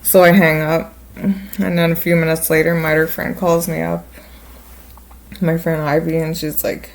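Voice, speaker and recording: Female podcast host, low voice with vocal fry, rambling casual storyteller. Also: level tone, moderate pace, low-quality recording. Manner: rambling, laid-back, many fillers.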